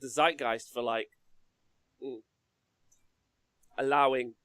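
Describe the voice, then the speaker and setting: A man's voice: medium pitch, slow pace, smooth, no room sound. A man co-hosting a casual hobby podcast, joking around and laughing a lot. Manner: laughs a lot, animated, jokey. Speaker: podcast co-host. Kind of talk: casual chat.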